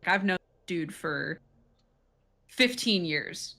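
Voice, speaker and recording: A woman's voice: fairly low pitch, lively intonation, slow, gravelly, sharp tone. A woman chatting casually as a co-host, telling a story with plenty of swearing and laughter. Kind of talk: casual chat.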